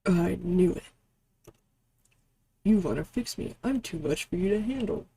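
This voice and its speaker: A sulky young man wallowing in self-pity, read out by a woman in her own voice. His sarcasm lands in a low, gravelly tone. The delivery is dark and mellow rather than bright. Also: expressive, measured pace, a little hiss or hum. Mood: bitter. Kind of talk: reading a game aloud.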